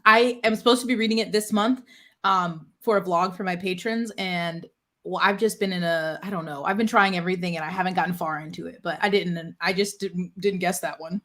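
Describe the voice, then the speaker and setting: A woman's voice: fairly low pitch, fairly even intonation, fairly quick, fairly bright tone. A woman vlogger chatting as a podcast guest, plain and a little hesitant. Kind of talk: casual chat.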